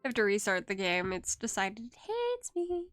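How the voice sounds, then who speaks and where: A woman's voice: medium pitch, huge pitch swings, normal speed, a bit bright, dry recording. A young woman streaming live, chatting casually with her viewers, giggling often and teasing them playfully.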